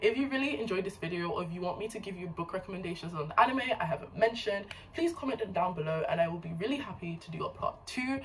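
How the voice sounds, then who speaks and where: A woman's voice: on the low side, expressive, fast, few pauses, recorded from a distance, slight background noise, rough recording. A woman book vlogger in casual chat, talking with gushing enthusiasm.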